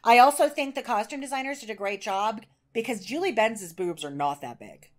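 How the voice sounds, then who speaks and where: A woman with a somewhat high voice co-hosts a podcast. She chats eagerly and loosely, stacking fillers and restarting her sentences. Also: lively intonation, fairly quick. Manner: chatty, enthusiastic, many fillers and restarts. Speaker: podcast co-host. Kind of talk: casual chat.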